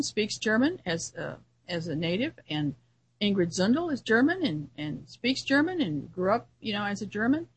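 A woman's voice: mid-range voice, slight background noise, low-quality recording. A woman who hosts a radio show, giving an earnest solo commentary in a musing way, often restarting her sentences.

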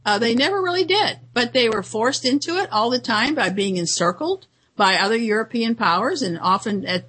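A woman's voice: a little high, fairly bright tone, husky, poor audio. A woman hosting a commentary show, talking through news items in a rambling, indignant monologue with frequent fillers and restarts.

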